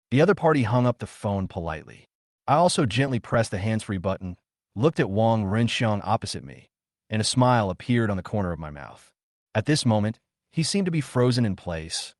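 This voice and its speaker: A man narrating a first-person story recap in a calm, steady storytelling manner. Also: lowish voice, dry recording, clean studio sound.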